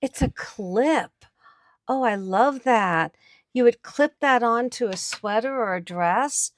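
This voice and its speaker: A woman's voice: fairly high pitch, animated, slow, no echo. A woman host chatting on camera at an estate sale, showing finds to viewers with chatty enthusiasm. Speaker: antiques picker and channel host. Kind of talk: casual on-camera commentary.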